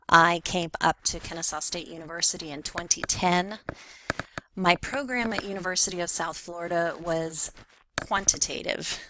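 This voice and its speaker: A woman's voice: on the low side, pushed and bright, slight background noise, rough recording. A woman giving a recorded self-introduction for a class, speaking hesitantly and stumbling over her words with fillers. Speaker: faculty member taking a graduate class.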